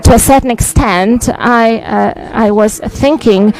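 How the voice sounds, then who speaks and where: A middle-aged man with a Polish accent gives a formal press statement in English as a visiting head of state. He speaks in a deliberate, emphatic way, stressing key words and often pausing on "uh" as he searches for phrasing. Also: extremely high pitch, a little mellow, poor audio. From Poland. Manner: deliberate, emphatic, frequent "uh" hesitations.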